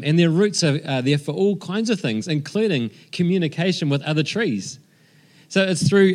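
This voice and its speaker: A man giving a sermon as pastor, conversational and enthusiastic, often restarting his phrases. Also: medium pitch.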